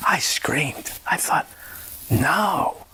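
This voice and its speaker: A man's voice: a little high, expressive, extremely slow, bright, forceful tone, husky. A man giving a personal testimony in an interview, telling it as a conversational storyteller who often repeats his words. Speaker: faith healer telling his story as a guest.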